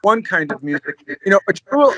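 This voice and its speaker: A man's voice: sits high, very animated, a little fast, bright, forceful tone, no echo, low-quality recording. A man, a drummer, telling stories in a casual interview, rambling and laid-back, peppering his talk with "you know" and "man.".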